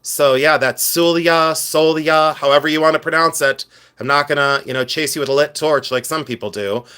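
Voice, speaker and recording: A man from Ohio selling jewelry on a livestream, chatting casually in an excitable, rambling way and talking to his viewers. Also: medium pitch, fairly quick. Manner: rambling, excitable, talks to the chat. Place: his office.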